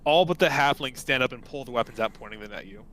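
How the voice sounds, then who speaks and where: A man's voice: medium pitch, fast, fairly bright tone, rough recording. A man narrating as game master in a tabletop game, in a loose, casual way.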